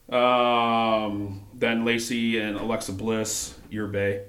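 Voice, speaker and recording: A man's voice: fairly low pitch, steady tone, a little slow, a bit bright, roomy sound. A man co-hosting a casual wrestling recap, hesitant and full of fillers and restarts. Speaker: podcast co-host.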